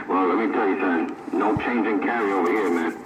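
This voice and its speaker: A man chatting casually over CB radio, laid-back and joking. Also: low-pitched. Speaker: CB radio operator. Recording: loud static over CB radio.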